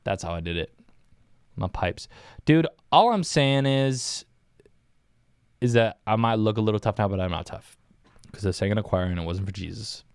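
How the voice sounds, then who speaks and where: Rambling young man with a smooth voice. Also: on the low side, lively intonation, moderate pace, pauses often, no echo, clean studio sound. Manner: rambling, laughing often, saying "dude" a lot. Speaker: podcast host. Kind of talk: casual solo podcast chat. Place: small windowless indoor room.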